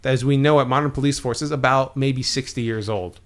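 A man's voice: medium pitch, a little fast. A man co-hosting a casual podcast chat, setting the scene as he tells a story and laughing now and then. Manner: relaxed, storytelling, frequent laughs. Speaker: podcast co-host.

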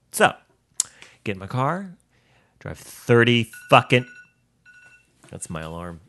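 Bright, sassy man telling comic stories. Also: takes it slowly, long pauses. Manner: sassy, profane, animated storyteller with big pitch swings. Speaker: podcast host. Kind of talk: comic storytelling monologue.

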